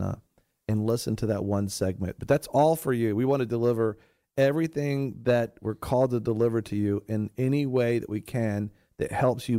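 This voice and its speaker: A man's voice: mid-range voice, warm tone, no echo, studio quality. A man hosting a radio ministry show, preaching in an earnest, plain-spoken way and giving on-air announcements. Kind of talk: sermon commentary and radio announcements.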